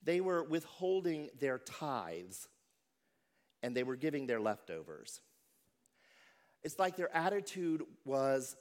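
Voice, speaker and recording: A man's voice: on the high side, sing-song, slow, pauses often. A man preaching a sermon as pastor, telling stories and acting out quoted voices.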